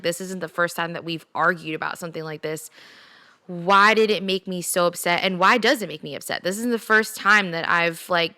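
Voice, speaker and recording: A woman's voice: lowish voice, sharp tone, smooth, no echo. A young adult woman hosting a solo podcast, telling a personal story in a candid, chatty way. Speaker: podcast host. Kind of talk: solo casual podcast talk.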